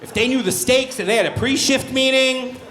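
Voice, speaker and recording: A man's voice: very high-pitched, normal speed, fairly bright tone, some chatter behind, slight background noise. A male stand-up comedian performing a brash, profane, self-mocking set on a comedy club stage. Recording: roomy comedy club sound.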